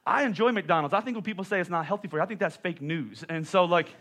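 Pastor, male, thirties, bright high voice, playful storytelling sermon with self-mocking humor. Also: fast talker.

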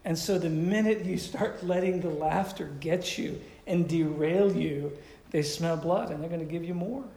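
Guy preaching a sermon, kinda gravelly, higher voice, echoey room, keeps asking the crowd stuff. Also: moderate pace, mellow. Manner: conversational preaching, asks the audience questions. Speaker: pastor.

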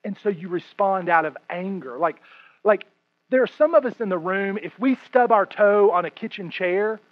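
A man in his thirties, a pastor, preaching a sermon to a congregation, swinging between hushed and loud delivery. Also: sits high, moderate pace. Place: room with a congregation. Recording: muffled lo-fi recording.

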